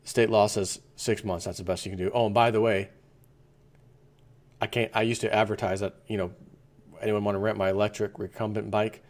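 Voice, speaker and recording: A man's voice: lowish voice, little pitch movement, a little fast. A man hosting an opinion commentary vlog, talking in an indignant, rambling rant. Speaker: vlogger host.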